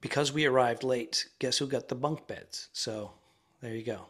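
A man co-hosting a podcast, talking casually and rambling from a quiet bedroom. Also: mid-range voice, moderate pace. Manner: rambling, relaxed, trails off into murmurs. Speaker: podcast co-host. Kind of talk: casual chat. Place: quiet ensuite bedroom in a busy rental house. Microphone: remote podcast recording.

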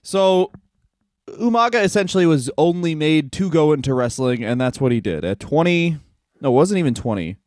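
A man's voice: on the high side, expressive, normal speed, a little mellow, no room sound, studio quality. A man co-hosting a comedy podcast, riffing casually and acting out silly quoted voices.

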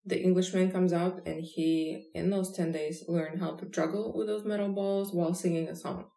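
A woman's voice: on the low side, steady tone, moderate pace, mellow. A woman hosting a casual chat and telling jokes, laughing easily. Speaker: podcast host. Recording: echoey room.

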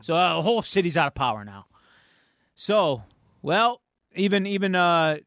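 A male podcast host with a slightly high voice, telling a story with lively, playful energy. The recording is dry and close. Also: normal speed, dry recording. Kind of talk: casual chat, retelling a comic.

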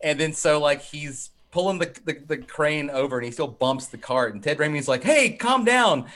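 A man's voice: a little high, fairly even intonation, moderate pace, a bit bright. A man in a casual podcast chat about a movie, joking around, swearing freely and teasing the actors. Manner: loose, joking, swears often, mocks actors. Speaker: podcast co-host.

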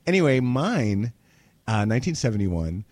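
A man's voice: medium pitch, sing-song, moderate pace, darkish tone, no room sound. A man in his forties from New Jersey, co-hosting a podcast in casual chat, chatty and irreverent, swearing freely. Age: 40s. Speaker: podcast co-host.

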